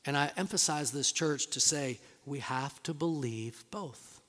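A man's voice: mid-range voice, measured pace, fairly bright tone. A man preaching a sermon to his church, reading scripture aloud and building to emphatic, rising bursts. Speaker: pastor. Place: church sanctuary. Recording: long reverb of a large hall.

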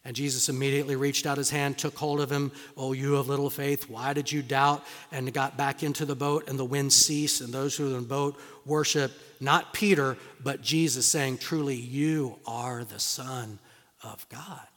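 A male pastor preaching a sermon in a dramatic, storytelling way, acting out voices and dropping to hushed tones. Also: medium pitch, fairly even intonation, normal speed, in a large hall.

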